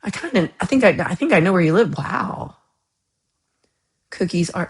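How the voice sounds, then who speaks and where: A woman from Texas hosts a casual livestream, reading and answering her viewers. She talks in a chatty, teasing way, full of playful mock outrage, in a somewhat low voice for a woman. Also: lively intonation, moderate pace, long pauses. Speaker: livestream host.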